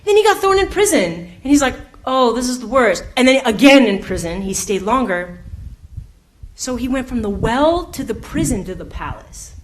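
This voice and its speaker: A woman's voice: on the high side, big pitch swings, normal speed, a little hiss or hum. A young woman in her twenties speaking at a youth event, telling funny personal stories that lead into a faith message. She laughs often, says "like" a lot and acts out the people in her stories. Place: indoor community event room.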